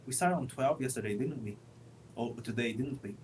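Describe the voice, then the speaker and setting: A young man co-hosting a stream, talking casually with dry, low-key replies. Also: brisk, darkish tone, slight background noise, poor audio. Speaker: stream co-host.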